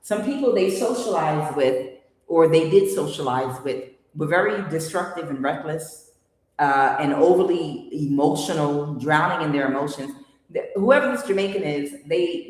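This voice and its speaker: A woman giving a casual tarot reading, blunt and rambling, with many fillers and restarts. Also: low voice. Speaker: tarot reader. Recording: very echoey room with long reverb.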